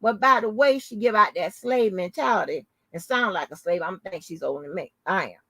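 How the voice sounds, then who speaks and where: A woman hosting her own channel, telling a story in a casual, animated, profane and mocking way. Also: mid-range voice, a little fast, no echo. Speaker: channel host. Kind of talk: casual live-stream commentary.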